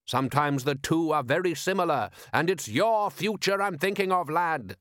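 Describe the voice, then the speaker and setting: A man's voice: fairly high pitch, expressive, normal speed, fairly bright tone, no echo, clean studio sound, pitched above the performer's own voice. A man voicing a blustering, scheming middle-aged fisherman father who talks in a bossy way.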